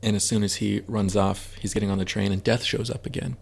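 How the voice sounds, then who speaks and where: Gravelly husky man retelling a film. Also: fairly low pitch, little pitch movement, fairly quick. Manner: acts out film characters' lines while retelling. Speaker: podcast co-host. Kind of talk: casual chat retelling a film.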